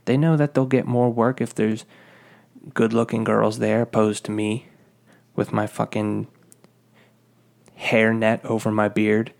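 Profane rambling man with a gravelly voice. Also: fairly low pitch, flat delivery, a little slow, a little mellow. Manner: profane, rambling, exasperated storytelling. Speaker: former fast-food worker telling a story. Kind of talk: casual ranting monologue.

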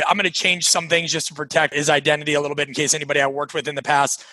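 A man from Nebraska, a coaching author, telling stories in an energetic, emphatic interview style and acting out quoted dialogue. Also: a little high, rapid-fire, no echo, rough recording. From Nebraska, USA. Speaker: coaching author and podcast guest. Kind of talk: conversational interview storytelling.

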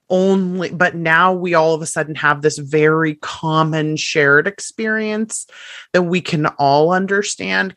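Animated woman coach, dry close sound. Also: low voice, dry recording. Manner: animated, acts out quotes of clients and herself. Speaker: strengths coach. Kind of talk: podcast interview.

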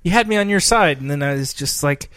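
A man with a high, bright voice trades crude jokes on a podcast. He stammers and restarts often. The recording is close and dry. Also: animated, fast talker, clean tone, dry recording. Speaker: podcast co-host. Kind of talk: casual chat.

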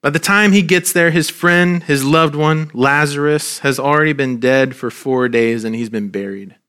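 A man preaching a sermon as a pastor, earnest and gentle, his voice dropping soft at the ends of lines. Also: on the high side, moderate pace, smooth. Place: church.

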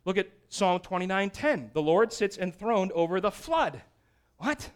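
A man teaching a Bible study class, energetic and often checking in with his listeners. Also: high voice, measured pace, clear, resonant tone.

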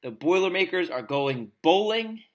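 A man's voice: high voice, expressive, moderate pace. A man co-hosting a casual sports podcast, reading score recaps with a wry, joking manner. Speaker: podcast co-host.

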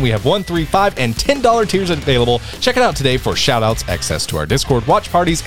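Lively upbeat male podcast host. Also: medium pitch. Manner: upbeat, jokey, fast plugs. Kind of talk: casual podcast chat.

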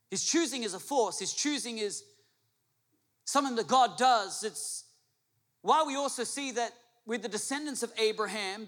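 A man's voice: high-pitched, a bit bright, long reverb tail. A male pastor preaching a sermon to a congregation, emphatic, repeating his phrases and asking the room questions. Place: church hall with an audience.

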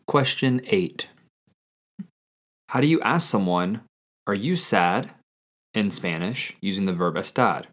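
A man hosting a language-learning podcast, reading a quiz and repeating each answer slowly and carefully. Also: fairly low pitch, lively intonation, fairly bright tone. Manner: slow, careful repetition of answers. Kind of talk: scripted language lesson quiz.

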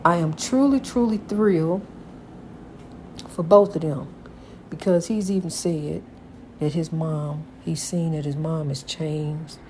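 A woman's voice: deep voice, slow pace, long pauses, darkish tone, a little hiss or hum. An older woman, a grandmother, giving casual inspirational advice about God in a folksy, repetitive way, calling the listener honey. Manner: preachy, God-centered encouragement.

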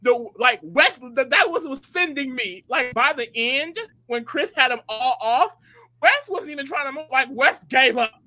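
Casual chat, reality show recap co-host, excitable, lively pitch, bright tense tone. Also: normal speed, rough recording. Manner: excitable, animated, fills talk with "like".

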